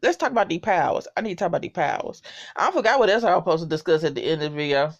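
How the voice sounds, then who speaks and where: Animated, profane woman recapping TV. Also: lowish voice, racing, muffled recording. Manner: animated, expressive, swears freely, reacts with disgust. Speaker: TV recap vlogger. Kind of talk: casual profane episode recap.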